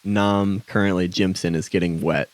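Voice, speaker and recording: A man narrating a tabletop game as game master, halting with many ums and restarts. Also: sits low, fairly even intonation, no echo.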